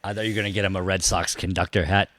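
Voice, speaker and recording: A man's voice: low-pitched, fairly even intonation, very fast, fairly bright tone, no echo. A man co-hosting a podcast, cracking dry teasing jokes in casual chat. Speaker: podcast co-host.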